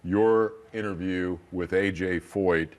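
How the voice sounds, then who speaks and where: A man hosting a television interview show, prompting his guest with measured questions. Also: low voice, steady tone. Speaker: host. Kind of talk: TV interview and presenting.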